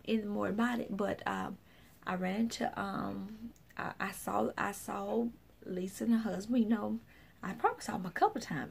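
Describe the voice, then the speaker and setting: A woman's voice: mid-range voice, gravelly, darkish tone, breathy edge. A woman minister telling a personal story in a casual, rambling way, full of fillers and restarts, often acting out what others said. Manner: acts out other people's remarks. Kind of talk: casual spoken testimony.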